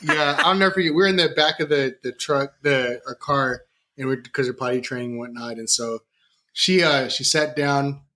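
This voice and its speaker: Bright-voiced man rambling through a story. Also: medium pitch, moderate pace. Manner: rambling, laughing through his stories. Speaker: podcast guest. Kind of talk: casual storytelling.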